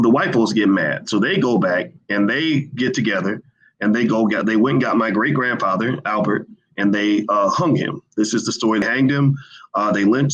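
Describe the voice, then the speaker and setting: Indoors at a hotel, a livestream host chats in a relaxed, rambling way, full of filler words and false starts. His voice is low-leaning, a bit bright and husky, and the recording sounds muffled.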